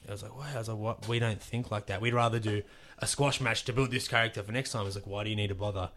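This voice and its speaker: A man's voice: on the low side, steady tone, fast talker, a bit bright. A young man with an Australian accent, a guest wrestler chatting casually on a podcast. He rambles, swears freely and acts out quoted dialogue.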